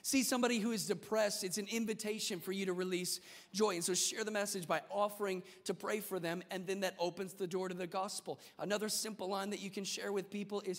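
A male pastor with a high voice preaching a lively sermon, mixing humor into a casual, conversational delivery. The sound carries a long reverb from a church sanctuary. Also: fast.

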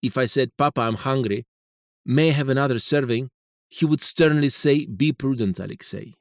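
A man's voice: mid-range voice, normal speed, dry recording, clean studio sound, natural voice. A man voicing a plain English voice-over. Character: grown man retelling his childhood.

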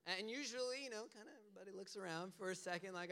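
A man's voice: high voice, racing, few pauses, clear, resonant tone. A man preaching a casual, conversational sermon, telling stories with loose asides. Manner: animated storytelling with casual asides. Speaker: pastor.

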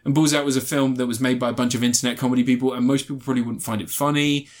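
A man's voice: mid-range voice, very fast. A man in casual podcast chat, reviewing a film with lots of laughter and swearing. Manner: animated, laughs often, swears freely. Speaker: podcast co-host reviewing films.

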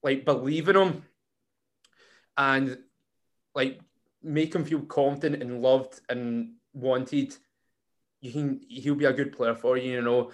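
A man's voice: mid-range voice, fairly even intonation, slow pace, pauses often. A man hosting a casual football podcast, rambling with many fillers and restarts. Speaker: podcast host.

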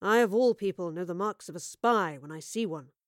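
A woman voicing a confident grown male spy who speaks calmly, with a dry, faintly playful edge. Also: lowish voice, a little fast, no room sound, lightly acted. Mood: wry, calm.

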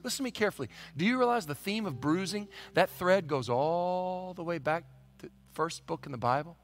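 A man preaching a sermon as pastor, swinging between hushed, quiet stretches and shouted peaks. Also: on the high side.

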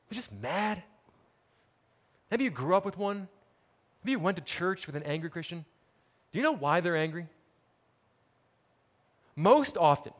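A man preaching a sermon, telling a parable dramatically and acting out the characters' words. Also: a little high. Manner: dramatic storytelling, acts out quoted characters. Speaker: pastor.

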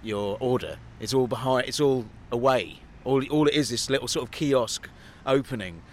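A man's voice: mid-range voice, normal speed, slight background noise. A man co-hosting a comedy podcast outdoors, telling rambling, sweary anecdotes in casual banter. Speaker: podcast co-host. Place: outdoors by a road.

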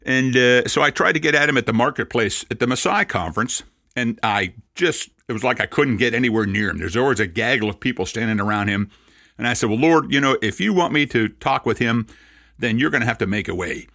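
A Messianic rabbi in his sixties preaches a sermon full of lively anecdotes and dry, self-mocking asides. His medium-pitched voice moves fairly quickly, with no room sound.

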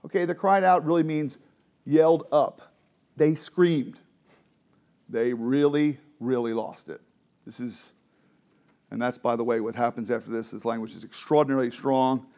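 A man's voice: medium pitch, steady tone, normal speed, pauses often, dark tone. A man teaching a Bible study to a group, explaining the text and asking the group questions.

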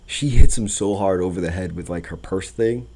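A man with a fairly low voice tells stories in a relaxed, casual chat. He is animated and profane, breaking into laughter and acting out the people he describes. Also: moderate pace. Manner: laughs often while talking. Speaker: podcast co-host recounting rideshare driving.

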